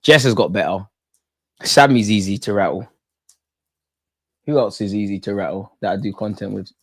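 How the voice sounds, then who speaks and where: A man hosting a live football watch-along, chatting in excitable, slangy banter with his viewers. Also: fairly low pitch, moderate pace, breathy edge, no echo. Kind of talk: live fan commentary and chat.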